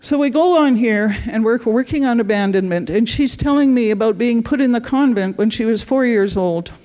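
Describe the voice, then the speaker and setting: A woman's voice: a little high, moderate pace, dark tone. Earnest woman telling client stories. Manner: earnest storytelling in short phrases. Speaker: conference speaker.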